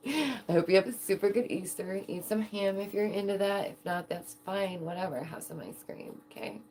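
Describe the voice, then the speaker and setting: A woman streamer chatting casually to her viewers, giggling often and talking in an animated way. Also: medium pitch, moderate pace, a little hiss or hum. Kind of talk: casual livestream chat.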